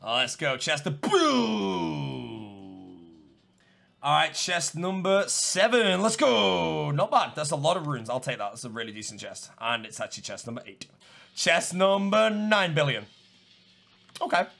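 A young man commentating his own gameplay live, bouncing from grumbling under his breath to sudden yells. His voice sits a little high and swings all over the place, with a gravelly edge. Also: normal speed. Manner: excitable, swings between muttering and yelling. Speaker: gaming streamer.

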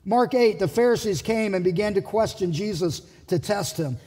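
A male pastor preaches in a church, his fairly high voice husky and a little breathy. He talks animatedly and slips into quoted voices. A long hall reverb trails his words. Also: normal speed, dark tone. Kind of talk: sermon. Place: church sanctuary.

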